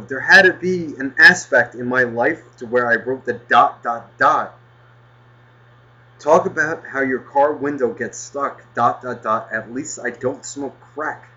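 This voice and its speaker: Man, podcast host, bright edgy voice, rambling, cursing, dull lo-fi sound. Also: mid-range voice. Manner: rambling, swears often, flares into mock anger. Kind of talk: casual podcast chat.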